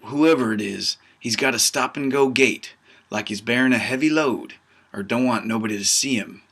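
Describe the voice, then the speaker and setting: Guy reading his own book, folksy drawl, bright clear voice, tough-guy storyteller vibe. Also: medium pitch, normal speed. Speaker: author reading his novel. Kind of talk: first-person audiobook narration.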